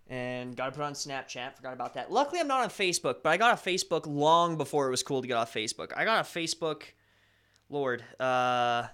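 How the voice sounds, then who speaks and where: A man's voice: medium pitch, a bit bright, smooth. A young man hosting a casual live stream, chatting loosely and reading viewer comments with a self-deprecating, rambling manner.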